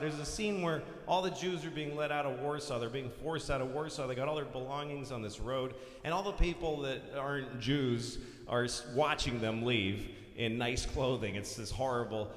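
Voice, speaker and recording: A male stand-up comedian on stage who tells an animated, profane, exasperated story. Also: fairly high pitch. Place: large concert hall stage. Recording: live hall reverb, faint noise.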